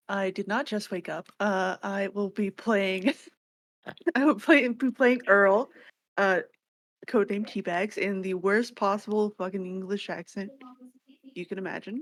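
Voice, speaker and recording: A woman player introducing herself in a quiet, sleepy, offhand way. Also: mid-range voice, no room sound. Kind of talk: casual chat.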